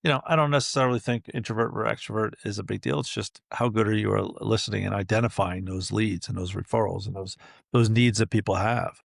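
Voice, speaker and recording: A man's voice: on the low side, quick pace, gravelly, dry recording, clean studio sound. A middle-aged man, a chatty guest on a podcast who tells stories and acts out the dialogue. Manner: chatty, animated storyteller acting out dialogue. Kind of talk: casual interview talk.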